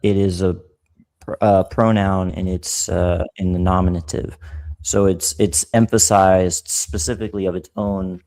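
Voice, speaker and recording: Slow, mellow-voiced man teaching scripture. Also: sits low, level tone. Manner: slow, repetitive explaining with restarts. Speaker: Bible study teacher. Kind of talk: casual Bible study teaching.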